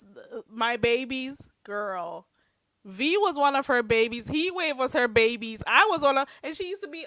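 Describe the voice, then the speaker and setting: A woman's voice: sits high, animated, moderate pace, fairly bright tone, no room sound. A woman hosting a livestream, giving blunt, sassy commentary and preachy advice. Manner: blunt, sassy, preachy, calls listeners "girl". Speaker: livestream host.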